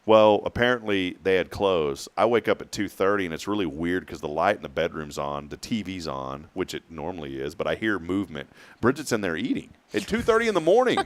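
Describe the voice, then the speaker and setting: A man's voice: low voice, sing-song, brisk, hardly any pauses, dry recording. A man hosting a morning talk show, rambling through stories and laughing often. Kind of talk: casual chat.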